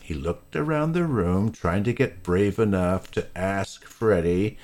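A man reading a children's storybook aloud, slow and lively, with voices for each character. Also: low-pitched. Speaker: narrator.

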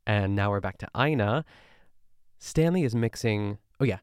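A man's voice: on the low side, lively intonation, normal speed, smooth, no room sound, studio quality. A man hosting a podcast, recapping an episode in a chatty, rambling way and asking himself questions aloud. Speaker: podcast host. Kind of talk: casual solo recap chat.

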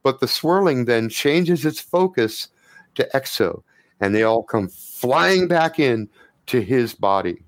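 A man's voice: medium pitch, slow pace, no room sound. A man running a tabletop game as game master, narrating scenes vividly and casually. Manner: animated, vivid scene narration with frequent profanity.

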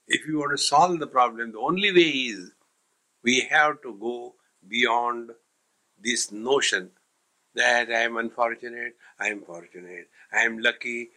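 Swami guy telling funny stories in a spiritual talk, bright clear voice, medium pitch. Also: rough recording. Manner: storytelling with jokes, mixing in Hindi sayings. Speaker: swami teaching a spiritual text. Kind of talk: humorous spiritual discourse.

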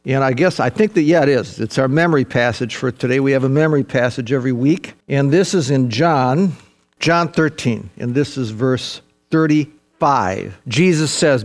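A man's voice: medium pitch, normal speed, faint music behind. An older man preaching a sermon, earnest and emphatic, repeating key phrases and calling his listeners folks. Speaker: pastor.

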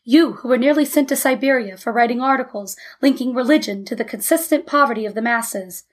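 Female narrator as irritable older man, scolding, slightly high. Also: brisk, close to an everyday voice. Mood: scornful.

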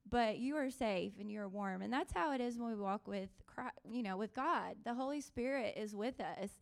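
A woman on a panel gently offering faith-based encouragement and quoting scripture in a reassuring, conversational way. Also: on the high side, moderate pace, gravelly. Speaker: panel speaker. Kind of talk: devotional encouragement.

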